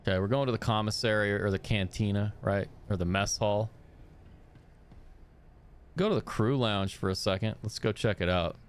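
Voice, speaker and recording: A man's voice: on the low side, moderate pace, long pauses, clean tone. A man streaming a horror game, rambling, crude and joking as he plays. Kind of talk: casual gameplay commentary.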